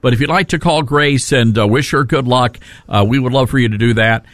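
A man's voice: medium pitch, a little fast, fairly bright tone, no room sound. A man hosting a talk radio show from a studio, chatting in an upbeat, friendly way.

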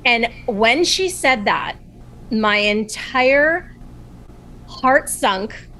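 A woman in casual conversation as a podcast guest, telling a personal story in a chatty, animated way full of fillers. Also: a little high, drawn-out words, low-quality recording. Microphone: video call.

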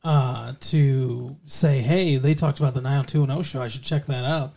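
A man's voice: medium pitch, fairly even intonation, moderate pace, creaky, mellow. A man co-hosting a podcast in casual, teasing chat with his fiancée, chuckling often. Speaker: podcast co-host.

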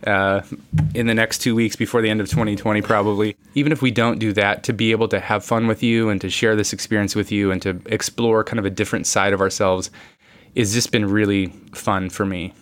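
A man's voice: on the low side, flat delivery, fairly quick, a bit bright, dry recording. A man co-hosting a podcast, a therapist reflecting earnestly on his work with some playful teasing. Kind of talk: casual chat.

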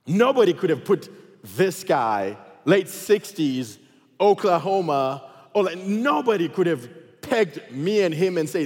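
Husky, lively male pastor preaching. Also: sits high, measured pace, in a large hall. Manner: animated, swings between loud and quiet. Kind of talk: sermon with personal storytelling.

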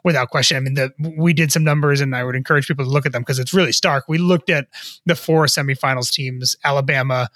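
A man's voice: mid-range voice, fairly even intonation, fast talker, a bit bright, no echo, studio quality. A man co-hosting a sports business podcast, thinking aloud with frequent stammers and restarts. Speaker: co-host, sports business reporter. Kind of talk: podcast discussion.

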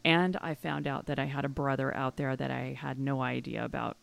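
A woman co-hosting a podcast from a low couch off camera, asking curious, playful questions in casual chat. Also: fairly even intonation, a little fast, creaky. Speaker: podcast co-host.

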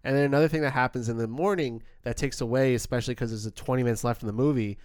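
A man casually reviewing a film as a podcast co-host, animated and acting out quoted lines. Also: mid-range voice, racing, clear, resonant tone, no room sound, studio quality.

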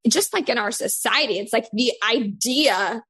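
A woman's voice: a little high, moderate pace, fairly bright tone, breathy edge. A woman, a mother and podcast co-host, talking frankly and chattily with lots of filler words. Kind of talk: casual podcast conversation.

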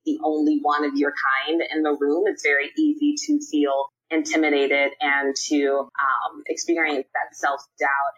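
Podcast guest, young woman, low husky voice, upbeat and casual. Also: a bit bright, lo-fi sound. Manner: upbeat, candid, casual slang. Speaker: podcast guest, nonprofit PR professional. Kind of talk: podcast interview.

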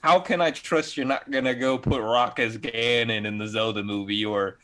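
A man co-hosting a gaming podcast, chatting casually in a blunt, animated way and swearing freely. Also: mid-range voice, normal speed. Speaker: podcast co-host. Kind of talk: casual chat.

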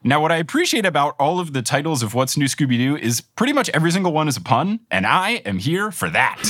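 A man's voice: mid-range voice, very animated, normal speed, a bit bright, no echo, studio quality. A man hosting a playful podcast game, recapping cartoon mysteries in a chatty, joking way and often breaking into giggles. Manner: giggly, chatty, jokey storytelling. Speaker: game show host.

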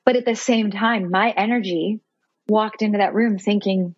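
A woman's voice: medium pitch, steady tone, moderate pace, husky, dry recording, dull audio. A woman in her thirties, a podcast guest, telling a personal story in an earnest, heartfelt, self-reflective way.

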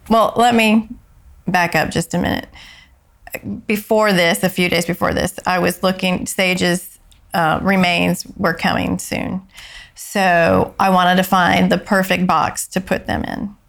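Slow, gravelly-voiced woman telling a story. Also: fairly even intonation. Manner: slow, soft-spoken storytelling, voice dropping low when moved. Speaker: guest.

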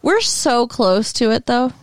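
A woman from Michigan co-hosting a podcast, chatting quickly and casually about a movie. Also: a little high, sing-song, no echo. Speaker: podcast co-host.

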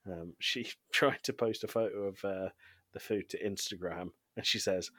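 Man, very low voice, casual recap, chatty, frequent ums, dry sound. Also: moderate pace, sharp tone, no room sound. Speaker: podcast co-host.

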